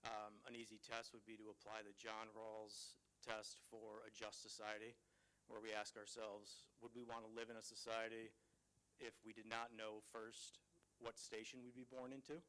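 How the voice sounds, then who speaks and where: A man with a low voice speaks on a conference panel. He lays out his argument in a measured, reasoned way. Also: monotone, sharp tone, low-quality recording. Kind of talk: panel discussion.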